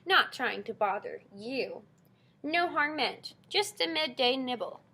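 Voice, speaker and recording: A woman's voice: high-pitched, animated, slow, sharp tone, breathy edge, heavily acted. Lady doing a sniveling fox guy, all apologetic and fawning. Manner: sniveling, placating. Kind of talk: audiobook reading.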